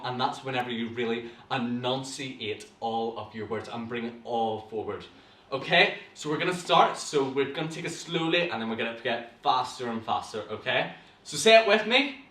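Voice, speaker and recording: A young Northern Irish man teaches a beginners' acting class with bright, encouraging energy. His voice rings around an echoey studio room, picked up from some way off the mic. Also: medium pitch. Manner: lively, encouraging, coaching warm-ups aloud. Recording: roomy echo, from a distance.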